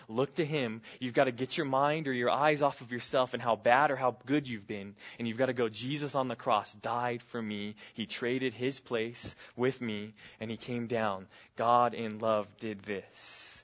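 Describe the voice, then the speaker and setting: A man preaching a sermon earnestly, repeating key phrases and swinging between loud and quiet. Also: medium pitch, dull audio. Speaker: pastor.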